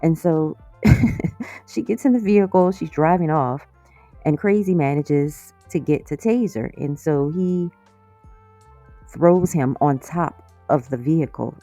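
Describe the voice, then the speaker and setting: A woman casually recapping a TV episode, animated and exasperated, with frequent laughs and asides. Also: low voice, slow, no room sound, faint music behind. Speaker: series reviewer.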